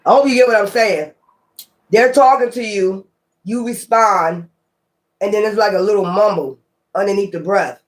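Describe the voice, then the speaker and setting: A man giving a casual tarot reading to his viewers, blunt and profane, talking in an animated way. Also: high voice, moderate pace, pauses often. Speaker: tarot reader.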